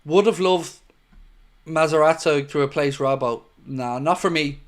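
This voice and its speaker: A man's voice: on the high side, a little slow. An Irish man hosting a football watchalong stream, chatting casually and reading out viewer comments. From Ireland. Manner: chatty and jokey, calls viewers mate.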